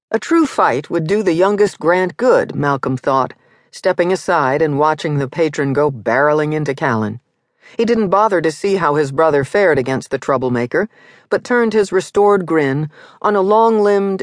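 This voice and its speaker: A narrator reading a historical romance audiobook in a measured, even manner. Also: male voice, a little high, no echo, clean studio sound. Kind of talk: scripted narration.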